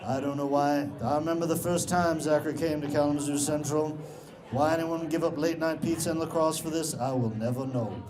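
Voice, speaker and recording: A man doing an impression of a grave, calm older male film narrator, in a slow and solemn voice-over manner. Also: a little high, crowd noise, pitched below the performer's own voice, close to an everyday voice.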